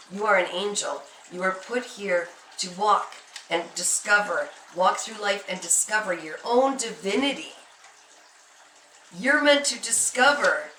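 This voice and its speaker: A tarot card reader gives a spiritual reading, addressing the listener directly in an emphatic, reassuring way. Her mid-range voice is bright and forceful but sits far from the mic, in an echoey room with faint noise.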